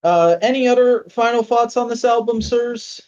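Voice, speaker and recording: A man's voice: very high voice, moderate pace, a little mellow. A man hosting a podcast in casual chat, loose and profane, who also edits the show. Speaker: podcast host. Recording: dull lo-fi sound.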